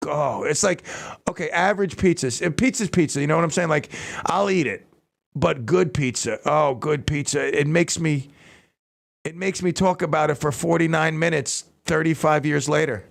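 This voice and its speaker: A man hosting a radio talk show, rambling excitedly and stumbling over his words. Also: a little high, moderate pace, vocal fry.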